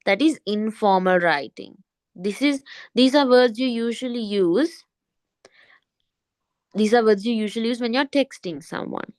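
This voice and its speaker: A woman teaching an English lesson online, often repeating a point and asking quick checking questions. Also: mid-range voice.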